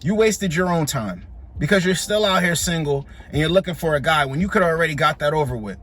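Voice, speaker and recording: A man's voice: on the high side, expressive, a little fast, a bit bright. A man giving blunt, dismissive reaction commentary on dating clips, lecturing his listeners and calling them bro.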